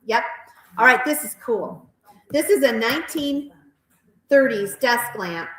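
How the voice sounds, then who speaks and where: A woman auctioneer calling bids at a live auction in a rapid, repetitive chant, with chatty asides about the pieces. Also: fairly high pitch, expressive, sharp tone. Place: auction house hall. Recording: roomy echoey hall.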